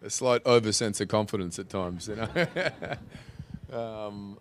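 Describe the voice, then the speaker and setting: A man's voice: on the low side, measured pace, a little hiss or hum. A man, an actor on a panel, answering questions in a rambling way with many restarts.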